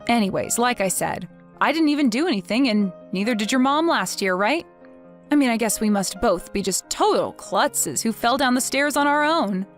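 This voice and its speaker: A woman's voice: fairly high pitch, animated, normal speed, faint music behind, close to an everyday voice. A woman voicing a cold, vengeful wife. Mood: taunting. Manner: mocking, sarcastic. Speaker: wife in a text-message story.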